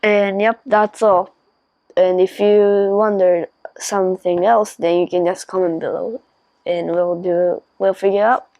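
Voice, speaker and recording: A woman giving short phrases clearly for viewers to repeat in a casual home video lesson. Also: medium pitch, fairly even intonation, a little slow, mellow, no room sound.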